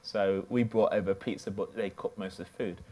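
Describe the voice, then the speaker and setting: A man's voice: low voice, fairly even intonation, fairly quick, mellow. A man preaching a sermon from the United Kingdom, telling a personal story in a loose, conversational way.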